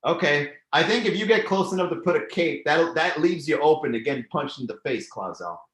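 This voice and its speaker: A man's voice: fairly high pitch, expressive, fairly quick, a bit bright, echoey room. A man hosting a live comedy stream, chatting loosely and profanely as he reads and riffs on viewer comments. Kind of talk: casual live-stream chat reading comments.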